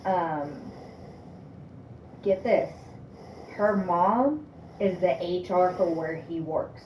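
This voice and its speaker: A woman's voice: fairly low pitch, extremely slow, echoey room, distant mic, dull audio, a little hiss or hum. A woman telling a personal story in a casual chat, quoting others as she goes. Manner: animated storytelling, quoting others, laughing often.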